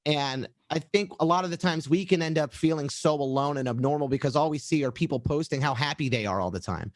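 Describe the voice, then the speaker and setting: A musician talking casually about writing songs, rambling with lots of fillers and restarts. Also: male voice, on the high side, fairly quick, dry recording, clean studio sound. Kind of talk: casual storytelling interview.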